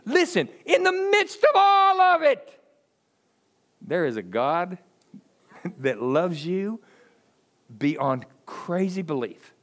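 Male preacher, middle-aged, high and very lively delivery, folksy storytelling sermon. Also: takes it slowly, long pauses. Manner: animated storytelling, acts out quoted voices, chuckles often. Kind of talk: conversational sermon.

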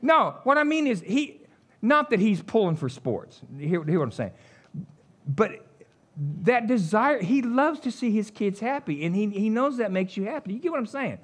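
Animated folksy preacher man. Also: normal speed. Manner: animated, folksy, jumps between high exclamations and low asides. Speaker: pastor. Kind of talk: casual conversational sermon.

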